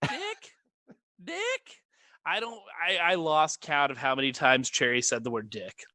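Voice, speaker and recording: A man co-hosting a casual movie podcast from home, animated and quick to laugh with jokey asides. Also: medium pitch, dry recording, studio quality. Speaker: podcast co-host. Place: his own room, recording remotely.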